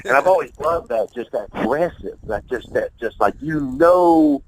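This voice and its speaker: A man's voice: mid-range voice, moderate pace, hardly any pauses, darkish tone, slight background noise, poor audio. A man being interviewed about his music, talking in a loose, rambling, profane way, often repeating himself and laughing. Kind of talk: casual interview talk.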